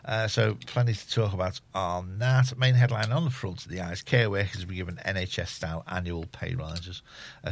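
A man's voice: deep voice, gravelly. A man presenting a community radio show in a studio, chatting in an easygoing, rambling way and reading out newspaper headlines. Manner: easygoing, rambling, self-deprecating, many fillers. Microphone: studio microphone.

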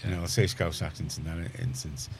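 A Liverpool man with a very low voice hosts a community radio show. He chats in a rambling way, often restarting his sentences. A faint hiss sits under the studio sound. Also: steady tone, fairly quick. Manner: chatty, rambling, self-correcting. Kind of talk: casual radio chat.

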